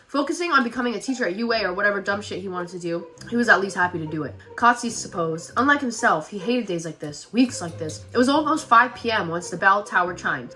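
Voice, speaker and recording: A woman in her twenties, a streamer, reading fan fiction aloud and breaking off to react in an animated, exclaiming way. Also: mid-range voice. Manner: animated, exclaiming between passages.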